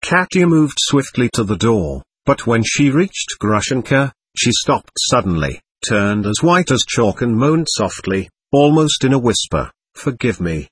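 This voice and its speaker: A man reads a novel aloud in a measured, expressive way. His voice is husky and moves widely in pitch. The recording is dry and close, with no room sound. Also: no room sound. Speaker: audiobook narrator. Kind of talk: scripted narration of a novel.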